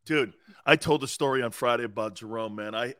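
A man co-hosting a sports talk show, an ex-player telling excited stories and laughing through them in casual chat. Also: medium pitch, brisk. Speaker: co-host, former football player. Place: podcast studio.

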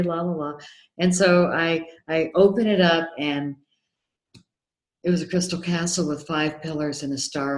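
Excitable woman telling a story, roomy sound. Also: low-pitched. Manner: excitable, acts out remembered dialogue. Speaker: guest, documentary filmmaker. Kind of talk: animated storytelling in an interview. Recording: roomy echo.

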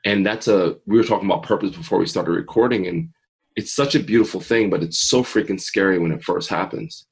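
A man's voice: deep voice, fairly quick, creaky, slightly rough, poor audio. A man in his forties, an interview guest and mindset coach, telling a personal story earnestly and acting out his own past thoughts.

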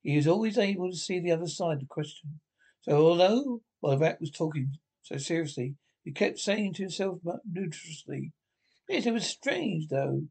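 A man reading a classic storybook aloud, unhurried, with frequent stumbles and restarts. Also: on the high side, dark tone, slightly rough. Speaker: audiobook reader.

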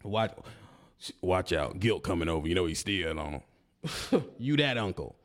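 Taunting a rival on his video channel, this YouTuber's heated rant is confrontational and peppered with mocking laughs. His voice sits low and is very animated, though he keeps a measured pace.

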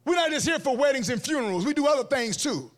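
A man, preaching an energetic, comic sermon as guest speaker at a church event. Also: extremely high pitch, fast talker. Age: 40s. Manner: animated, comic, acts out quotes in different voices. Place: church event hall before an audience.

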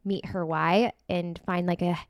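A woman's voice: on the low side, a little slow, dry recording. Chatty young woman, dry close sound. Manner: chatty, animated, full of acted-out quotes. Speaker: podcast co-host. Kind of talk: casual chat about wedding planning.

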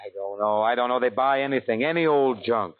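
An actor playing an easygoing, scheming young man in a 1940s radio comedy, talking in a relaxed, coaxing way. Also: mid-range voice, fairly quick, natural voice. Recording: tinny 1940s radio broadcast with hiss.

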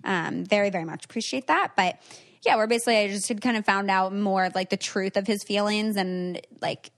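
A woman's voice: medium pitch, brisk. A young adult woman hosting a podcast, talking in a reflective, casual way with many "like"s. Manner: reflective, says "like" often. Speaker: podcast host. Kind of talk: casual chat.

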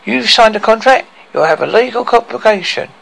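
A man's voice: high voice, lively intonation, brisk, vocal fry, a bit bright, pitched above the performer's own voice, exaggerated voice, poor audio. A man reading a storybook and voicing a smug, scheming male dwarf who lectures about rent and contracts in a raised put-on voice.

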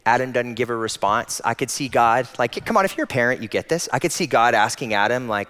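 A male pastor preaching a sermon with a medium-pitched voice. He builds to loud, emphatic peaks and then drops soft and close. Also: quick pace, hardly any pauses. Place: church auditorium.

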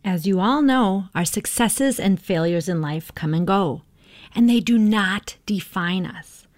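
A woman's voice: mid-range voice, a little slow, dry recording, clean studio sound. A middle-aged woman hosting a podcast, talking in an encouraging, motivational way and often checking in with "right?". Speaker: podcast host.

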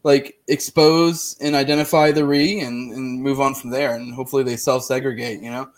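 A man's voice: medium pitch, fairly even intonation, moderate pace. A man hosting his own podcast, talking loosely and crudely in casual chat. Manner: loose and profane, lots of fillers and restarts. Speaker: podcast host.

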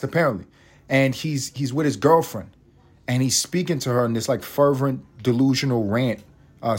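A man hosting a podcast, ranting comedically in a profane, excitable way and laughing often. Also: mid-range voice, husky. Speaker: podcast host. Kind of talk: comedic rant.

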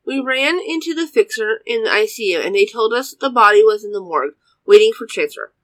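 Brief: woman storyteller, fairly high, dry close sound. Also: expressive, fairly quick, a bit bright, no echo, low-quality recording. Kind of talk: first-person story reading.

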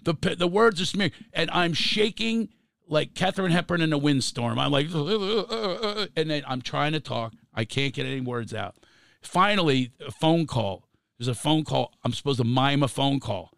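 Gravelly comedian telling a wild story. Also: male voice, fairly high pitch, normal speed, dry recording, studio quality. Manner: animated, acts out voices, laughs through his lines. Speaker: comedian guest. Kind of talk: storytelling anecdote on a podcast.

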